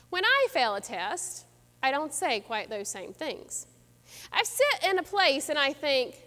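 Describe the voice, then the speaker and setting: A woman's voice: very high voice, a bit bright, long reverb tail. A woman pastor delivering a sermon in an earnest, reflective way.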